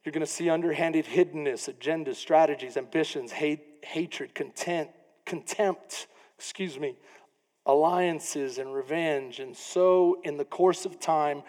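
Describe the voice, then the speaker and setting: A man preaching a sermon as pastor, animated, often acting out the people in his story. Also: on the high side. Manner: animated preaching, acts out quoted voices. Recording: long reverb of a church hall.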